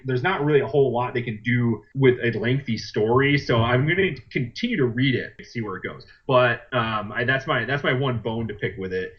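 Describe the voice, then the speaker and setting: Rambling man on a lo-fi podcast. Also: medium pitch. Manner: rambling, retells a comic plot with lots of fillers. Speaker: podcast co-host. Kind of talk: casual chat. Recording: dull lo-fi podcast recording.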